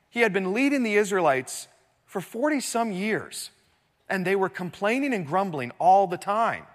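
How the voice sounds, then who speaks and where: A man preaching a sermon in a church, telling the story with animated swings between loud and hushed delivery. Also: sits high, normal speed, in a large hall. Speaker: pastor.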